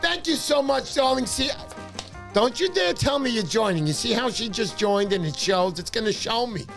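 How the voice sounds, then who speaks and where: A man hosting a fishing livestream, talking fast and excitedly, shouting cheers and pitching memberships. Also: vocal fry, soft background music. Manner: loud, hyped, shouting cheers. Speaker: livestream host. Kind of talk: excited casual livestream chat.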